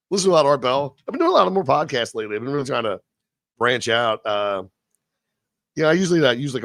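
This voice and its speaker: A man running a live-stream show chats casually, rants profanely and rambles, then switches to reading scripted narration at a slow pace. His mid-range voice is a bit bright, in a dry, studio-quality recording.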